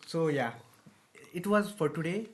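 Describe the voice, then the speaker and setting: Animated young man, echoey room. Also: fairly high pitch, measured pace. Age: young adult. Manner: animated, laughs often, practicing a put-on accent. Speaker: podcast host. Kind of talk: casual chat.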